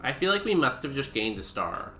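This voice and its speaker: A man's voice: medium pitch, very animated, a little fast, bright, forceful tone. A man streaming a game, chatting casually with goofy, self-mocking humor. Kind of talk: casual gameplay commentary. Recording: roomy echo with music behind.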